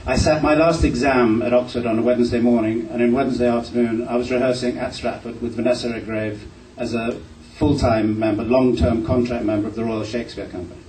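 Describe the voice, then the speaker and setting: A man's voice: medium pitch, fairly even intonation, a little fast, hardly any pauses, a little mellow. An older man from Glasgow, a guest actor on a convention panel, answering a question with self-deprecating humour and a few stammered restarts. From Glasgow, Scotland. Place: convention hall. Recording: echoey hall, distant mic, faint noise.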